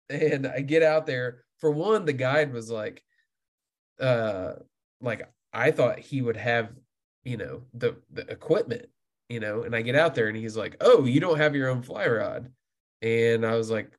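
Animated young man telling a fishing story. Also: medium pitch. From Indiana. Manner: animated storyteller, laughs often, acts out quotes. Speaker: podcast guest. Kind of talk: casual storytelling chat.

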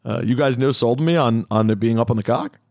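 A man's voice: medium pitch, brisk, darkish tone, dry recording, studio quality. A man hosting a podcast, reading listener letters aloud with wry asides in casual chat. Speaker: podcast host.

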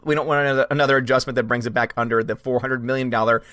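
A man's voice: medium pitch, steady tone, racing, pushed and bright, dry recording, clean studio sound. A man hosting a live stream in casual chat, animatedly greeting viewers by name and answering their comments. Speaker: livestream host.

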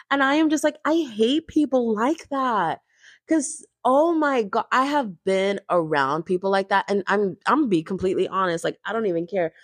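A young woman talks straight into a close, dry mic, recapping reality TV gossip in a chatty, animated rush. She leans on "like" and "babes" as she builds her rant, with a mid-range voice for a woman. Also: mid-range voice, dry recording. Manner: chatty, heavy use of "like" and "babes", animated retelling. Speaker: reality TV commentator.

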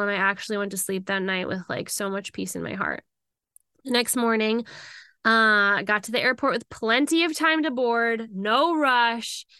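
A woman tells a personal story with a smooth, resonant voice pitched a little high. She is animated and emotional, acting out her own quoted thoughts. The sound is dry and close, with no room echo.

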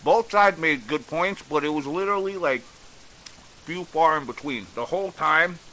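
A man rants in a blunt, exasperated way and swears without holding back. His voice is bright and forceful and sits a little high. A faint hiss runs under the recording. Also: measured pace, poor audio. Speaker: political commentator. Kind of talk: ranting opinion vlog.

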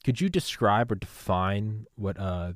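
A male podcast host with a very low voice chats with his guest in a loose, slangy, enthusiastic way. The sound is dry and close, with no room in it. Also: a little slow, dry recording. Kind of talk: casual interview chat.

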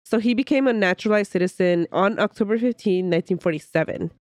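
A woman's voice: medium pitch, fast talker, darkish tone, dry recording, clean studio sound. A woman co-hosting a history podcast, telling the story casually from her notes, a little sick and laughing now and then. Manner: chatty, laughs often, reads from notes. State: sounds sick. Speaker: podcast co-host.

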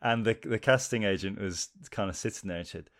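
English guy, lowish voice, gets excited and laughs mid-sentence while chatting. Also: a little fast. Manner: animated, laughs while talking. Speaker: actor guest. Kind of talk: casual interview chat.

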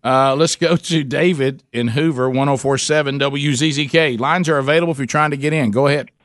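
A man with a Southern American drawl runs a call-in radio show, joking easily with callers. His voice sits at an ordinary pitch and is caught close and dry on a studio mic. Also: steady tone, fairly bright tone, no room sound. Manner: jokey, easygoing, quick to laugh. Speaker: radio talk show host. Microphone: studio microphone.

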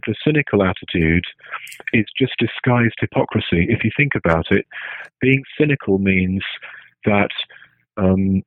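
Low-voiced man thinking aloud with stops and restarts, dry phone-line sound. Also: moderate pace, dry recording. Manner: hesitant, restarts often, keeps asking "right?". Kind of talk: casual spoken musing.

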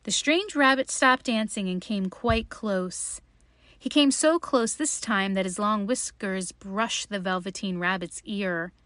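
A woman's voice: medium pitch, a bit bright, no room sound. Woman reading a children's storybook. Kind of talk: storybook read-aloud.

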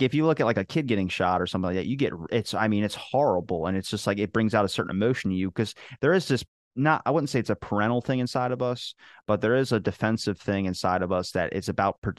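A man hosting a podcast, telling stories in casual chat, swearing freely and getting animated. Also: lowish voice, quick pace, no echo, studio quality. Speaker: podcast host.

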